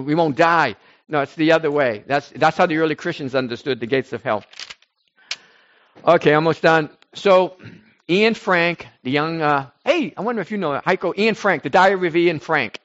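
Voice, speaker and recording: A man preaching informally to a small group, rambling and animated, swinging between loud bursts and soft asides. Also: fairly high pitch, highs cut off. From United States.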